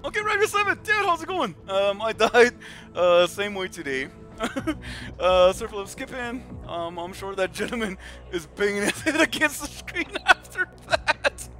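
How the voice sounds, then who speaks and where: A man live-streams a game, reading viewer comments aloud in a lively, sing-song voice that jumps all over. His tone is high and bright, and he giggles between remarks. Faint game music plays underneath. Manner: giggly and chatty, laughs often, calls viewers dude.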